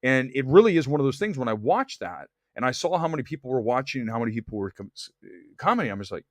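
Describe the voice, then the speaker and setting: A man hosts a movie review livestream, a fast talker with a mid-range voice and big pitch swings. His chat is casual, sarcastic, and opinionated, and he reads viewer comments aloud; the sound is studio quality with no room sound.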